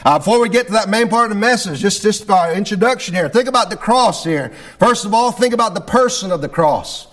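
A man's voice: high voice, expressive, a little fast, hardly any pauses, a bit bright. A middle-aged man preaching and praying fervently as a pastor, peppering his phrases with "amen" and "Lord God". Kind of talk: sermon.

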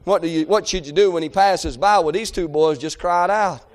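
A man preaching a sermon, impassioned, often shouting and crying out between conversational asides. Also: high voice, normal speed.

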